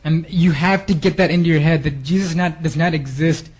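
A man's voice: on the high side, fairly even intonation, a little fast, darkish tone, slightly rough, low-quality recording. A man giving a sermon, reading Bible verses and then explaining them in a casual, earnest way with fillers. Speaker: preacher. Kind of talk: sermon reading scripture with commentary.

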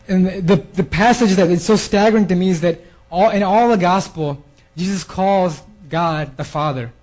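A man's voice: high-pitched, normal speed, a little mellow, low-quality recording. A man preaching a sermon in an earnest way, often repeating words and restarting his phrases. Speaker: preacher giving a theme talk.

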